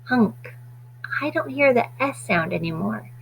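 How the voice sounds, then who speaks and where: A woman teaching a phonics lesson to children, stretching out sounds slowly and deliberately. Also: fairly high pitch, animated, vocal fry, slight background noise, low-quality recording.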